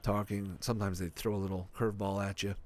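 A man's voice: on the low side, fast talker. A man hosting a podcast, chatting casually and rambling, with frequent swearing. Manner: profane, rambling, animated. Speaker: podcast host reviewing a sitcom.

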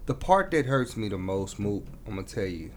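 A man's voice: on the low side, sing-song, brisk. A man talking earnestly in a casual discussion, building to emotional emphasis as he makes his point.

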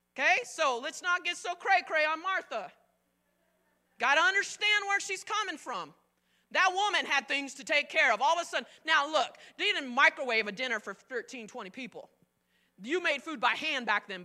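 A middle-aged woman pastor preaching a sermon, telling the story with energy and acting out the quotes, swinging between loud and soft. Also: sits high.

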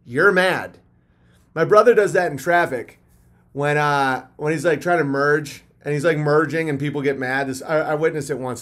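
A man hosting a casual livestream, reading out donations and rambling, with loud animated rants. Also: a little high. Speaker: livestream host.

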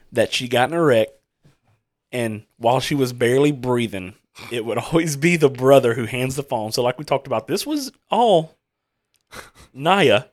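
A man hosting a casual podcast chat, rambling through a story with restarts and asides. His voice sits in an ordinary middle pitch. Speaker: podcast host.

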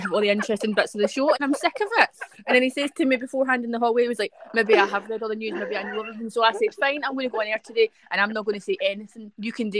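Fast sweary Scottish woman. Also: mid-range voice, a bit bright, slight background noise. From Scotland. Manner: sweary, blunt storyteller. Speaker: podcast co-host. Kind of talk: casual chat.

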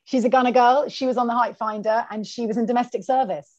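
A woman's voice: fairly high pitch, fairly even intonation, quick pace, a little mellow, no room sound. A woman talks as a podcast guest over a video call, telling stories with animation and quoting people in their own voices. The call audio sounds muffled and lo-fi. The sound is close and dry. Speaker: author and guest.

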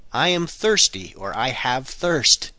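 A man hosting a podcast language lesson who repeats phrases slowly for learners. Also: mid-range voice, very animated, pushed and bright, no echo. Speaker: language teacher, podcast host.

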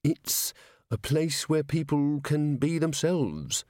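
A man voicing a steady young female watch officer in an audiobook, level and matter-of-fact. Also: medium pitch, moderate pace, no room sound, studio quality, close to an everyday voice. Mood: firm. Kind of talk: audiobook character voice.

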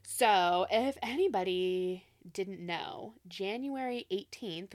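A young woman talks in a loose, rambling way, full of "um" and "like," and breaks into laughter often. Her voice is bright and forward. The sound is dry and close, with no room around it. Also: fairly low pitch, normal speed, dry recording. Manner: chatty, laughs often, lots of fillers. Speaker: podcast co-host. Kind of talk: casual chat.

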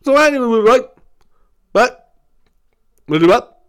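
A man's voice: very high-pitched, animated, slow pace, clear, resonant tone. An Irish man hosting a casual solo podcast, rambling and laughing as he tells stories. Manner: rambling, laughing, slipping into silly voices. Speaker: podcast host.

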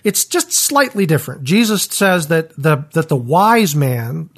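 A man in a conversational Bible discussion, speaking in a thoughtful, measured way. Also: a little high, very animated, husky.

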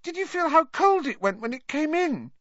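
A man voicing a timid, frightened teenage boy in a high shaky voice, on a dull lo-fi recording. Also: sing-song, normal speed, fairly bright tone, no echo, heavily acted.

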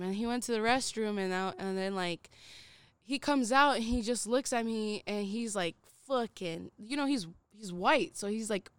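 A young woman co-hosting a podcast, telling a story in a casual, animated way, swearing freely and acting out the voices of people in it. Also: medium pitch, moderate pace, clean tone. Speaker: podcast co-host.

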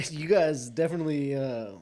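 A man's voice: on the high side, moderate pace, warm tone. A man hosting a casual, profane chat, laughing easily and steering toward questions for listeners. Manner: laid-back, laughing, profane.

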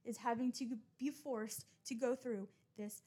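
Blunt, rambling young woman with a bright voice. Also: a little high, fairly even intonation, measured pace, slightly rough. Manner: rambling, blunt, frequent swearing and self-mockery. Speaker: podcast host. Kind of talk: casual confessional monologue.

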